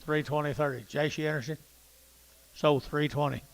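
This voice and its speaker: A man working as a livestock auctioneer, calling bids in a rapid rhythmic chant with quick asides to the crowd. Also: on the high side, fairly even intonation, vocal fry. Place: cattle auction barn.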